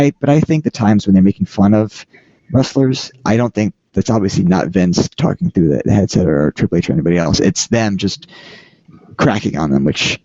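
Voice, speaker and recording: Halting man with a lively, mellow low voice. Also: no echo, muffled recording. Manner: halting, rambling, frequent restarts. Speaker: podcast host. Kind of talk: casual chat.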